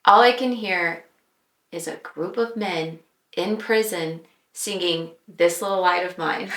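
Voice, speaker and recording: A woman guest on a podcast, sharing a personal faith testimony in an earnest, reflective way, with pauses and fillers. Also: on the low side, fairly bright tone. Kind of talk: personal testimony in casual chat. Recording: roomy echo.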